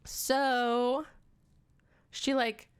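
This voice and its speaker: A woman giving an animated, sarcastic book recap in a casual vlog, swearing often. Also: high voice, drawn-out words, clean tone. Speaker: book reviewer.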